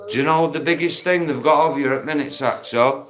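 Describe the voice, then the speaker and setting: A man's voice: a little high, brisk, fairly bright tone. A man chatting bluntly and matily to viewers on a live stream, swearing freely, speaking into a phone outdoors in a park. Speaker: livestream host.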